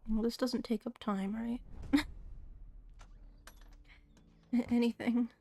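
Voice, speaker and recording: A woman's voice: on the high side, steady tone, normal speed, mellow. A woman streamer reading a game's dialogue aloud, acting out the characters in turn. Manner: theatrical, switches voices between characters.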